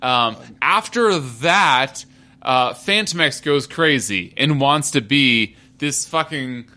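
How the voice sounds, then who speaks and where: A man's voice: medium pitch, slow pace. A man co-hosting a podcast in a casual chat, rambling and swearing freely. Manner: animated, rambling, profane. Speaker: podcast co-host.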